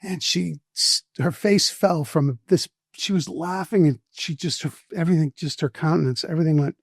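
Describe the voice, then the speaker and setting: Man, 60s, podcast guest: slightly high voice, dry close sound, animated storyteller. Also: moderate pace, husky, dry recording. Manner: animated, profane anecdotes with quoted voices. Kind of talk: storytelling in casual conversation.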